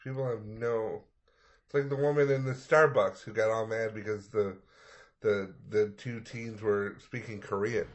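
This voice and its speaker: A man co-hosting a comedy podcast, chatty and quick with asides, often restarting his sentences. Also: on the low side, fairly even intonation. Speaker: podcast co-host. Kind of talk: casual comedy chat. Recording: dull lo-fi recording.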